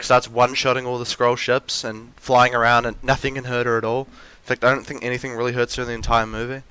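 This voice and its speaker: Young male vlogger, crisp bright tone, rambly rant with fillers. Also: mid-range voice, no room sound. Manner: rambling with frequent restarts and fillers; acts out mocking quotes of characters. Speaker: video essayist. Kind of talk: ranty casual monologue.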